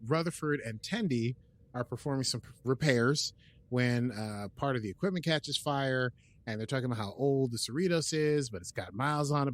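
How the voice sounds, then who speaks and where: This is a man at a mid-range pitch, chatting his way through an episode recap on a podcast. He rambles, restarts and leans on filler words. Every so often he drops into brief quoted bits of the characters' lines before carrying on. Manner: plays out characters' lines in quick quoted asides. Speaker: podcast host.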